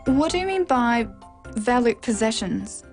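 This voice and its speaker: A woman with a fairly high voice speaks model phrases slowly and deliberately, shaping each one to demonstrate it. Music plays clearly underneath. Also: lively intonation.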